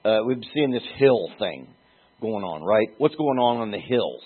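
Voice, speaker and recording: A man's voice: lowish voice, animated, unhurried, husky. A man teaching a Bible passage in a conversational sermon, musing aloud and asking his listeners questions. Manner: musing, asks listeners questions, restarts phrases. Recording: tinny phone-like sound.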